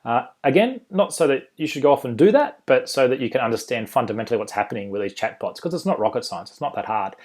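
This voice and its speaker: Australian man walking through a software demo. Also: mid-range voice, expressive, fast, hardly any pauses. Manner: informal, lots of ums and uhs, self-correcting. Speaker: software developer presenting a demo. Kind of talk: screen-share tutorial walkthrough.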